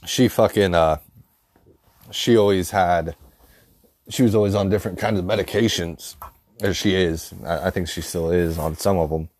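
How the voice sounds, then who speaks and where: A man's voice: low-pitched, darkish tone. A man telling rambling, profanity-filled funny stories in a casual way, often laughing at his own tales. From rural dairy farm upbringing. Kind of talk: casual comedic storytelling.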